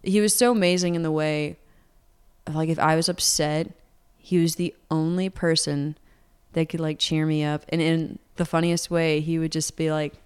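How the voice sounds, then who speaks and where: Young woman in her 20s, songwriter, low smooth voice, talks loose and rambly with lots of likes. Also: steady tone, normal speed. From Atlanta, United States. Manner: chatty, rambling with many fillers and laughs. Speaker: singer-songwriter guest. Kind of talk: casual interview chat.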